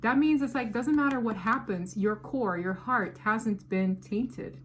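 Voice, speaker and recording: A woman giving a casual tarot reading, talking in an animated, slangy and emphatic way. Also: a little high, unhurried, a little hiss or hum. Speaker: tarot reader.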